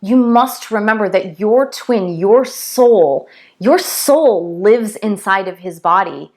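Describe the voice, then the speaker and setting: A woman's voice: mid-range voice, expressive, slow pace, darkish tone. A woman giving an earnest spiritual teaching, retelling a parable and stressing her points through repetition.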